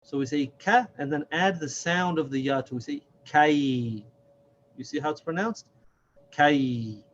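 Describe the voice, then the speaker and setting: A man teaching a Quran reading lesson, speaking slowly and deliberately, repeating and stretching sounds to demonstrate them. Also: on the high side, lo-fi sound, a little hiss or hum. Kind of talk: slow, patient recorded lesson.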